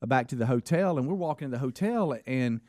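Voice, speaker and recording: A man with a Southern accent, co-hosting a radio show and telling a lively story while acting out the dialogue. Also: medium pitch, fast talker, no echo, clean studio sound. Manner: animated storyteller, acts out dialogue. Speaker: radio co-host. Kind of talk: casual morning-show storytelling. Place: radio studio.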